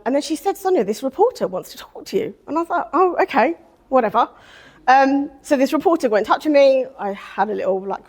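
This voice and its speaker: A middle-aged woman telling a personal story to an audience, acting out quoted lines with animation. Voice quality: expressive, swings into high animated quotes. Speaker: speaker at a women's day event.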